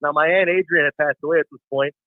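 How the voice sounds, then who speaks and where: A man calling in to a talk show, telling a long story with animated acted-out voices. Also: a little high, fast talker, no room sound. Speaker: caller. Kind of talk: phone-in storytelling. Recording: tinny phone line.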